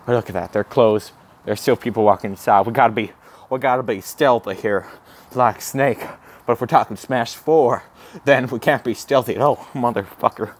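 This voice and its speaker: A man doing a comedic walking vlog outdoors, gasping and swearing in awestruck excitement. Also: mid-range voice, normal speed. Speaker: comedic vlogger in character. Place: outdoors, walking around a campus. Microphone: handheld camera.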